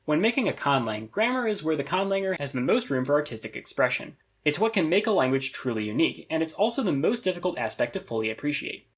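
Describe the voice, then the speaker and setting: A man reads a scripted review in a slightly husky, fairly high voice. His pitch rises and falls with animated intonation. He stays analytical, with dry, wry asides. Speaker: conlang reviewer.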